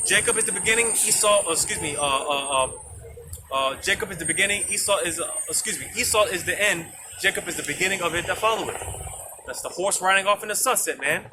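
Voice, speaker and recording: High-voiced male street preacher. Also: quick pace. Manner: peppers talk with "man" and "you know"; reads scripture aloud in King James wording. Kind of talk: outdoor street sermon. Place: outdoors on a street. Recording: street noise and passing vehicles.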